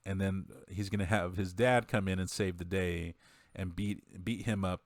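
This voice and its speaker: Man, podcast co-host, very deep voice, rambling casual recap, laughs a lot, dry close mic. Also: steady tone, normal speed, no room sound. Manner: rambling, laughing, acts out quotes.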